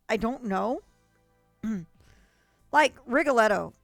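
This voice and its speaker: A woman's voice: fairly high pitch, big pitch swings, very slow, gravelly, a bit bright, dry recording, soft background music. Gushing woman streamer, dry close mic. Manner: gushing, rambling, coughs often. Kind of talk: casual chat to stream viewers.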